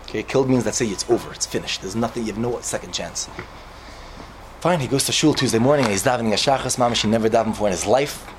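Man, mid-pitch, animated parable-teller giving an informal sermon, faint background hiss. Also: fast, rough recording. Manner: animated storytelling, mixing in Hebrew and Yiddish words. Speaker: yeshiva speaker.

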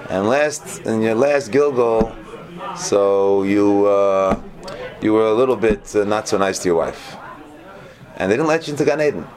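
A man voicing a calm, wise older Hasidic Rebbe giving advice, recorded in a room with an audience. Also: lowish voice, normal speed, a crowd in the background, pitched below the performer's own voice, close to an everyday voice. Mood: knowing.

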